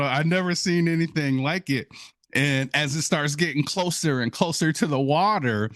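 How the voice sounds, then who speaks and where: A man from Wisconsin giving an inspirational talk as a guest speaker, telling his story with lively energy and acting out his own surprise, calling the audience folks and y'all. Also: a little high, moderate pace, dry recording, studio quality. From Wisconsin, USA.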